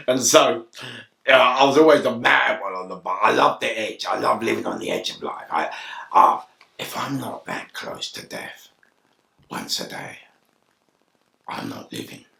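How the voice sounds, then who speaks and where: A man with a London accent telling an excitable, animated story, laughing and shouting as he goes. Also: sits low, creaky, echoey room, recorded from a distance. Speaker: interview guest.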